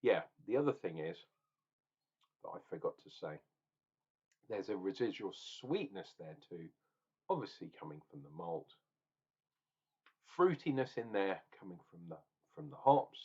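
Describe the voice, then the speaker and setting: A man's voice: deep voice, very animated, moderate pace, long pauses, a little mellow, breathy edge, dull audio. A man ranting and tasting beer in a casual review vlog, opinionated and swearing now and then.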